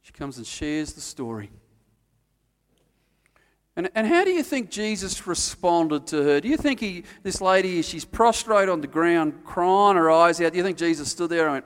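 A man preaching a sermon, telling a story and acting out the quotes, then dropping to quiet, earnest emphasis. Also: fairly high pitch, lively intonation, moderate pace, big-room sound. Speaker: pastor.

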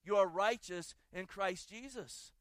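Man, pastor preaching, high voice, dry close sound, reads scripture, asks the congregation questions. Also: a little slow, a bit bright, no room sound. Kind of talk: sermon.

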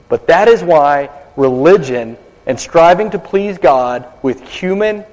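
A male pastor with a fairly high, somewhat dark-toned voice preaches at a baptism service, telling stories dramatically and dropping to a whisper for asides. The recording has a long hall reverb.

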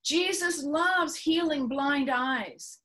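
Woman, preacher, earnest sermon, high-pitched, slow, repeats for emphasis. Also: pushed and bright. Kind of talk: sermon teaching.

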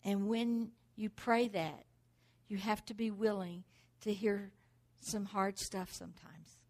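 A woman's voice: mid-range voice, fairly even intonation, takes it slowly, a little mellow. A middle-aged woman preaching a sermon, driving points home with rhetorical questions and repeated exhortations.

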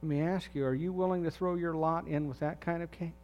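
A pastor delivering a sermon, his male voice sitting a little above the usual pitch. He speaks earnestly and steadily, turning often to ask the congregation direct questions. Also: fairly even intonation, quick pace, highs cut off.

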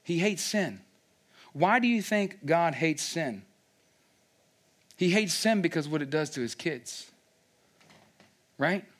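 A man's voice: a little high, lively intonation, slow, long pauses. A man preaching a sermon as pastor, often stopping to ask the congregation if they follow him. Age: young adult or middle-aged, has young kids. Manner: rhetorical check-ins with the congregation.

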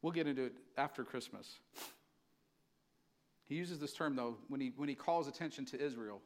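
A man's voice: medium pitch, normal speed. A male pastor preaching an impassioned, conversational sermon, acting out quotes as he goes. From California.

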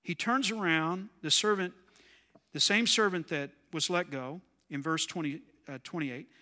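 A man's voice: fairly high pitch, unhurried, pushed and bright, long reverb tail. A man preaching a sermon in a conversational way, often asking his listeners questions. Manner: conversational, asks the audience questions.

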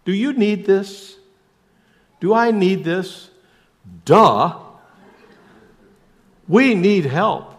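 A man preaching a sermon as pastor, emphatic, asking rhetorical questions and shifting suddenly between loud and soft. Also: high voice, lively intonation, very slow, pauses often.

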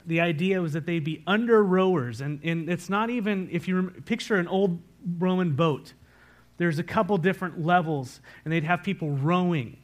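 A pastor preaching a sermon, earnest and repeating key words for emphasis. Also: male voice, on the high side. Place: church sanctuary.

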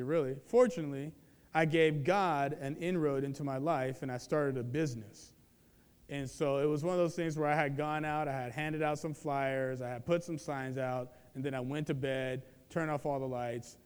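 A man preaching a sermon, moving between loud emphatic proclamation and low, quiet confession. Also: smooth. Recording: long hall reverb.

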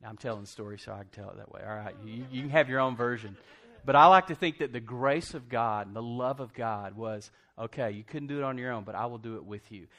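A man's voice: mid-range voice, a bit bright. A man preaching a sermon, telling the story conversationally and in a folksy way, acting out quotes and laughing often. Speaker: pastor.

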